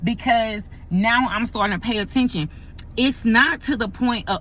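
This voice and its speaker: A woman's voice: a little high, measured pace, fairly bright tone, slight background noise. A woman, a pastor and vlogger, talking casually and emphatically to her viewers, repeating herself for effect. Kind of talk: casual talk to camera.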